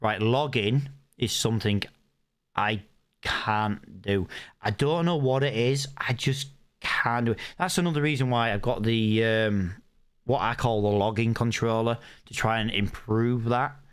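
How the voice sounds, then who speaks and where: A man's voice: medium pitch, a little slow, clean tone. Chatty British man streaming a farm game. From United Kingdom. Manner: chatty, thinks aloud while playing, reads chat comments. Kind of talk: live gaming stream commentary.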